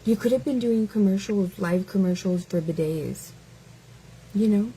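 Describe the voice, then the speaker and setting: A woman hosting a casual reaction stream in a mellow, unhurried voice, full of sarcastic, taunting rhetorical questions. She draws her words out slowly, leaning on them for effect. A faint hum of noise sits under her voice. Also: mid-range voice, low-quality recording. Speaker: live-stream host.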